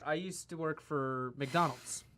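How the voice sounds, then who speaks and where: A man's voice: a little high, measured pace, background noise. Young man, podcast co-host, casual storytelling, rambling, lots of restarts.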